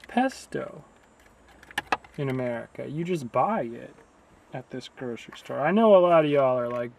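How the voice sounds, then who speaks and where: A man's voice: medium pitch, lively intonation, normal speed, gravelly, pauses often, darkish tone, a little hiss or hum. A man vlogging outdoors beside a river, talking casually in a sarcastic, rambling way. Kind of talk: casual vlog rant.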